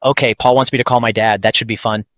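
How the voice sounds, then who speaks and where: A man's voice: medium pitch, fairly even intonation, fast, fairly bright tone, no echo, lightly acted. A man voicing a smug, greedy male streamer in a cartoon skit. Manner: smug, whiny. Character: greedy self-important male video streamer. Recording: dull dry lo-fi sound.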